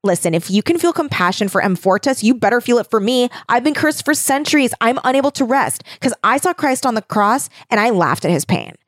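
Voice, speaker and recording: A woman voicing a cursed sorceress in a casual, slow paraphrase while retelling a story. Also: fairly high pitch, sing-song, no echo, studio quality, voice pushed up. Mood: bitter.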